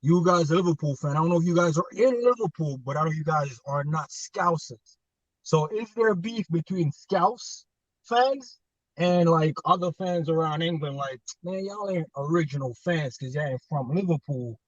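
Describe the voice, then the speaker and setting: A middle-aged man from the United States calling in to a fan show, joking and animated, talking in casual slang. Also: fairly high pitch, moderate pace, no echo. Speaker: caller. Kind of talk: casual call-in chat. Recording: distant dull call line.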